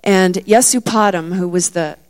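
A woman's voice: on the low side, a little slow. A middle-aged woman preaching a sermon, telling the story vividly and acting out the disciples' words with rising emphasis.

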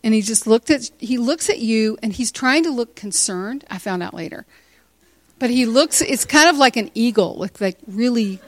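A woman in her sixties telling a personal story to a church gathering, animated and often laughing. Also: fairly high pitch, moderate pace. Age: 60s. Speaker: teacher speaking at a church retreat.

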